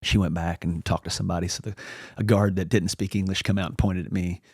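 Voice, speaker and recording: A man's voice: sits low, level tone, quick pace, husky, dry recording, studio quality. A man as a podcast guest, telling a long story in a casual, rambling way and acting out the lines of the people in it. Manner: rambling anecdotal, acts out quoted dialogue.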